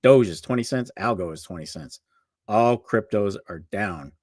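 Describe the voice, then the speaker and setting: A man with a fairly low voice co-hosts a casual livestream, chatting easily as he rattles through market prices. His voice sits close to the mic in a dry, dead room. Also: lively intonation, moderate pace, dry recording. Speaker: co-host of a livestream show.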